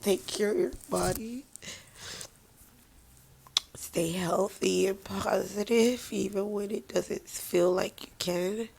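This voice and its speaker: Husky, slow-talking woman podcaster. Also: mid-range voice, fairly even intonation, a little mellow. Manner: raw, rambling, self-mocking, heartfelt. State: tearful after crying. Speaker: podcast host. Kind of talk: emotional personal podcast monologue.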